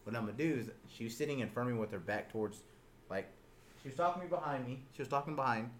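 Talking very fast at a medium pitch, a young man casually recounts a story to his friends over a slight hiss or hum. He curses freely, laughs, and loudly performs different voices with animated energy.

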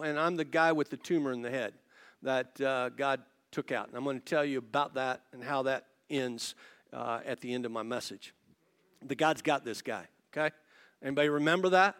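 A male pastor preaches to his congregation in a notably high-pitched voice. He tells a story with lively energy and often breaks off to speak directly to the people in the pews. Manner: animated storytelling with quick asides to the audience. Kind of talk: sermon. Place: church service before a congregation.

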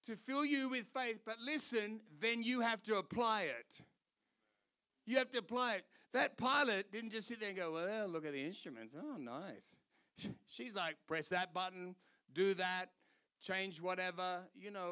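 Australian male pastor, sermon, high bright tone, animated storyteller. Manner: animated storytelling, laughing, doing voices.

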